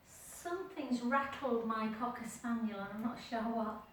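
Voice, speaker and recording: A woman leading a live pilates class from home, cueing gently with counts and chatty asides. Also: fairly high pitch, normal speed, few pauses, a little hiss or hum. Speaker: pilates instructor. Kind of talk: live online class instruction. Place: home room with dog nearby. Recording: echoey room heard from a distance.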